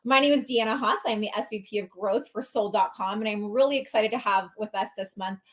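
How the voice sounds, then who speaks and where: A woman's voice: mid-range voice, brisk. A woman hosting a webinar, introducing the guest speaker in an upbeat, friendly way. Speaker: webinar host.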